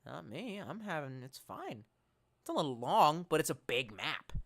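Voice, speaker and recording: A man streaming live and reading his chat, animated and profane, swinging between loud outbursts and mumbled asides. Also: on the high side, normal speed, vocal fry.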